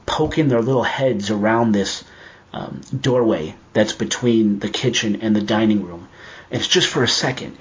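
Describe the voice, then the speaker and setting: A man telling a personal story in a casual, animated way, acting out his own reactions as he goes. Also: fairly low pitch, lo-fi sound.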